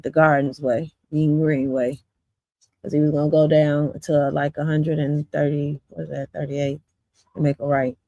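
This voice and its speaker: A woman's voice: low-pitched, mellow, no room sound, highs cut off. A woman from Chicago's south suburbs, a community vlogger, telling her viewers a story in a blunt, profane, rambling way with lots of fillers.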